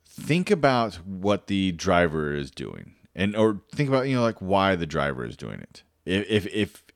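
Male podcast host, middle-aged, low-pitched, loose conversational storyteller, dry recording. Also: big pitch swings, moderate pace, dry recording. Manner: rambling, many fillers and restarts. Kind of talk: casual storytelling monologue.

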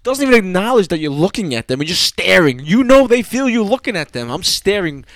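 New york guy hosting a podcast, heavy accent, cursing a lot, smooth clear voice, dry sound. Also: high voice, big pitch swings, fairly quick, a bit bright, no room sound. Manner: swearing, streetwise banter. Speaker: podcast host. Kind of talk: casual chat.

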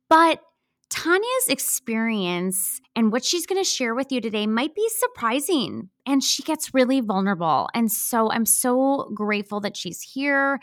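A woman's voice: on the high side, a bit bright, no room sound, clean studio sound. A middle-aged woman with a Midwestern accent hosting a podcast interview, bubbly and gushing with enthusiasm. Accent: Midwestern American. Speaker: podcast host.

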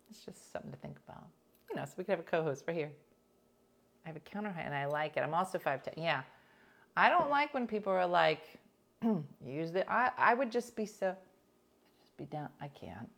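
A middle-aged woman hosting a radio show, chatting casually and telling animated stories. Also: lowish voice. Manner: animated storytelling, imitates voices in anecdotes. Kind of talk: casual chat.

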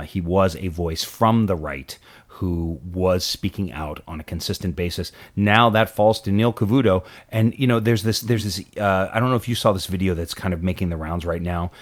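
Low-pitched male co-host, lively, acts out quotes, restarts often. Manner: animated, quick to act out quotes, stammers and restarts. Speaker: podcast co-host. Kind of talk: casual political chat.

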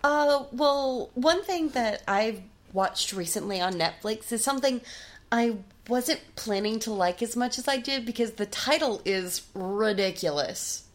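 A woman's voice: a little high, expressive, unhurried. A woman co-hosting a podcast in casual chat, dry and teasing with her co-hosts. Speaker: podcast co-host.

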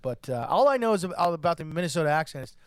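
A man's voice: on the high side, very animated, very fast, no echo, clean studio sound. A man co-hosting a podcast, playful and goofy in casual chat, swearing for laughs. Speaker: podcast co-host.

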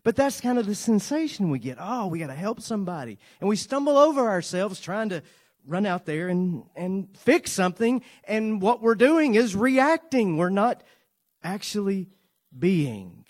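High-voiced man preaching a dramatic sermon. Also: sing-song, measured pace. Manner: earnest, dramatic swings from loud to soft, playful asides. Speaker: pastor.

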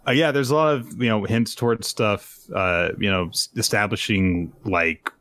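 A man co-hosting a casual chat podcast, easygoing and laughing, with halting fillers. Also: lowish voice, fairly bright tone. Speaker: podcast co-host.

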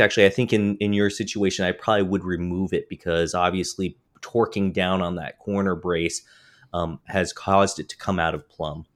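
ポッドキャストで木工の質問に答える男性。言いよどみやフィラーが多く、しゃっくりが出ている。. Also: male voice, low voice. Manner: hesitant, many fillers and restarts. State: has the hiccups. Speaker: podcast co-host. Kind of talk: casual chat.

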